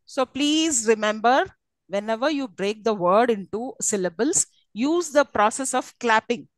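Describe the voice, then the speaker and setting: Female lecturer; high pitch, dry recording, patient step-by-step explanations. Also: animated, a little slow, no room sound, rough recording. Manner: explains step by step, often checks "okay?". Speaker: English lecturer. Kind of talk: live classroom lecture.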